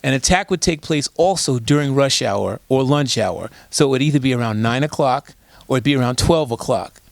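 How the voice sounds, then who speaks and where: A man's voice: medium pitch, fairly quick, vocal fry, dry recording. A man speaking as a guest in an interview, telling stories emphatically and asking rhetorical questions. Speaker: guest, disaster preparedness expert. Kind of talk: conversational interview.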